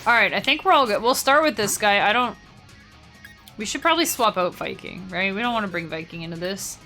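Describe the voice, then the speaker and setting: Faint music sits behind this young woman's bright, forceful, medium-pitched voice as she streams gameplay. She keeps up casual chatter with her audience, responding to chat and laughing readily.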